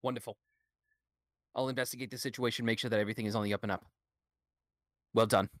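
A player voicing a character in a tabletop role-playing game, excitable and talking in quick bursts. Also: mid-range voice.

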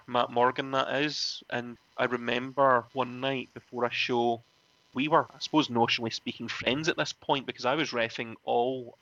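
A man, a former wrestling referee, telling animated stories in a casual interview, often laughing and acting out other people's lines. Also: mid-range voice, no room sound, dull audio. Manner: animated, laughs often, acts out quoted voices.

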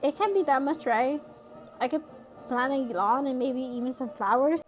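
High earnest young girl, pleading questions, read by a woman, storybook reading. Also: moderate pace, faint music behind, lightly acted. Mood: eager.

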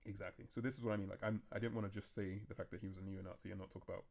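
Man, podcast host, casual chat, low flat voice, rapid rambling delivery. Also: gravelly. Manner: fast, rambling, self-interrupting talk.

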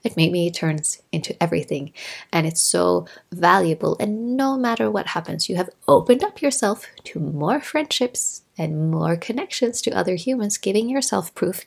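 A woman in her thirties hosting a solo podcast, talking in a chatty, animated way and acting out little quotes as she tells stories. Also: lowish voice, normal speed, gravelly, husky. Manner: chatty, animated storytelling with laughs and acted-out quotes. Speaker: podcast host. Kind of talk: casual solo podcast monologue. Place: Norway.

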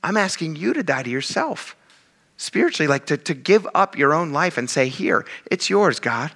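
A man preaching a casual, animated sermon to his congregation, acting out quick asides as he goes. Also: fairly high pitch, creaky. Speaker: pastor.

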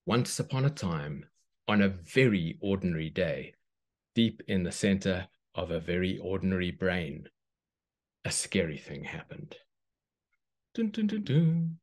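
Children's author reading a story aloud, man, deep voice, gentle and slow. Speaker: children's book author, guest.

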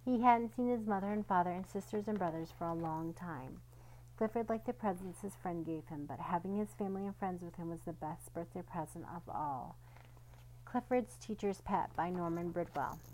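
A woman reading a children's picture book aloud, telling the story gently and lightly voicing the characters. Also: fairly low pitch, moderate pace, a little hiss or hum, rough recording. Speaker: storybook reader.

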